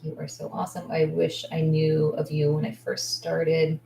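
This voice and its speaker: A woman coach talks straight to her viewers in a loose, rambling way, candid and gushing with thanks, full of likes and restarts. Her voice sits a little low for a woman. The sound bounces around an echoey room. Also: monotone, moderate pace, gravelly, mellow, slight background noise. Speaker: esthetician business coach. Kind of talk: casual livestream chat.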